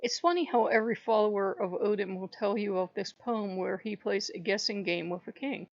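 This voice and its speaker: A woman hosting a casual spiritual vlog, telling a rambling, animated story and laughing often. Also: mid-range voice, brisk, dry recording. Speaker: channel host. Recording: dull lo-fi dry recording.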